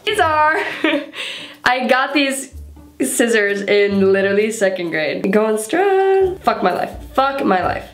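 A fairly high-voiced woman talks casually and giggles her way through a home vlog, swearing freely. Her voice rings in an echoey small bathroom, with faint music underneath. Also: big pitch swings, a little slow. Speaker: beauty vlogger.

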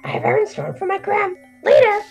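A woman's voice: extremely high pitch, wildly swooping pitch, quick pace, gravelly, music in the background, voice pushed up, full character voice. A woman voicing a brash, boastful young female junior witch in a shrieky, scratchy voice. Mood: breezy. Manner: cocky, chattering.

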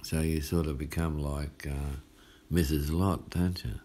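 A male pastor with an Australian accent preaches a midweek sermon in a chatty, folksy way, often asking his listeners "hey?". His voice is very low and mellow, and he talks at an unhurried pace. A faint ambient hum sits behind him. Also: fairly even intonation.

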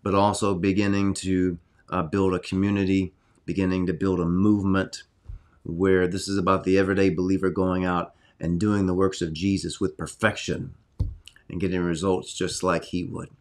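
Man, middle-aged, lowish voice, earnest excitable preacher, home study livestream. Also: moderate pace. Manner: earnest, excitable preaching, reads prophecy aloud. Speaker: pastor hosting a weekly healing livestream. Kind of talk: livestreamed sermon and prayer.

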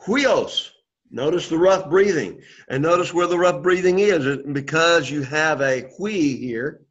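A man's voice: on the high side, normal speed. A man teaching a Greek lesson, patiently leading the class to repeat words after him. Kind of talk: classroom lesson with call-and-response drills. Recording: dull lo-fi classroom recording.

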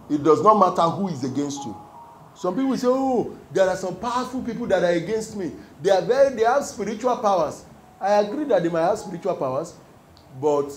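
Male pastor, sermon, call-and-response, echoey room, faint room noise. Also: on the high side. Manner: emphatic call-and-response preaching.

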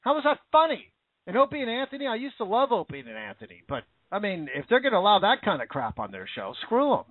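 Indignant high-voiced American man ranting. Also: wildly swooping pitch, fast, no room sound. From United States. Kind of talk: opinion rant. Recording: dry, phone-like narrow audio.

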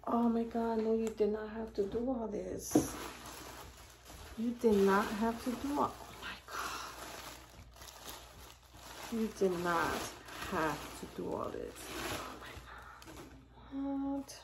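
A woman's voice: on the high side, measured pace, vocal fry, noisy background. A middle-aged woman opening gifts on camera for her vlog, gushing and exclaiming as she thanks her viewers. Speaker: YouTube channel host. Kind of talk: casual unboxing vlog.

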